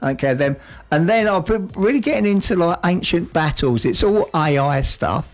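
A man's voice: sits high, expressive, moderate pace, faint music behind. A man co-hosting a radio show, rambling enthusiastically about what he has watched and laughing often. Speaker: radio co-host. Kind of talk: casual radio banter. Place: radio studio.

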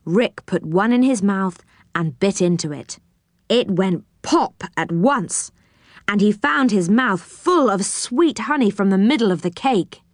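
A woman reading a children's storybook aloud, expressive and clear. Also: medium pitch, measured pace, no room sound, studio quality.

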